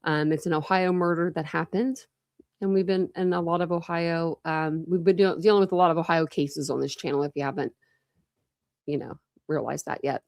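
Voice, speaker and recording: A woman hosting a casual true crime livestream, rambling through the case with fillers, restarts and lots of "you know". Her voice sits a little low. The sound is dry and close, with no room echo. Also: fairly even intonation, normal speed, vocal fry, darkish tone. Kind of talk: casual live-stream case rundown. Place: home room with pets.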